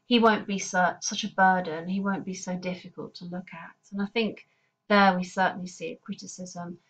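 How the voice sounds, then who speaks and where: A woman teacher giving a recorded poetry lesson in a measured, explanatory way, with an occasional filler. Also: on the low side, steady tone, fairly bright tone, poor audio.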